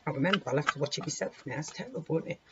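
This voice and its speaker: Hoarse woman reading tarot. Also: low-pitched, expressive, racing. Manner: chatty, swears lightly, talks to her cards. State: sore, hoarse throat. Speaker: tarot reader. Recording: muffled recording with clear background noise.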